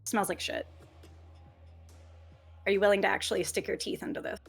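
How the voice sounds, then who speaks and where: A woman's voice: medium pitch, fairly even intonation, a little fast, gravelly, slightly rough, soft background music. A woman narrating as game master of a tabletop role-playing game, casual, vivid and playful.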